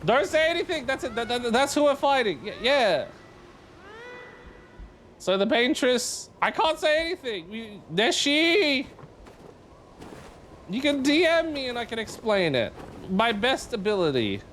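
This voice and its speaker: A man's voice: very high voice, very animated, measured pace, pauses often, a bit bright, slight background noise. A man streaming a game live, chatting casually and playfully with viewers and humming tunes between remarks. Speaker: livestreamer.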